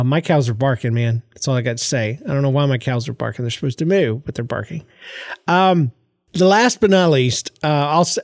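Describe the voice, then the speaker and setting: A congested middle-aged man hosting his podcast, telling family stories in an animated, jokey way, often voicing the people in them. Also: on the high side, dry recording, clean studio sound. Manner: animated, jokey storytelling with laughs and voiced quotes. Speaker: podcast host. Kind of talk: casual solo podcast storytelling. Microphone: close podcast microphone.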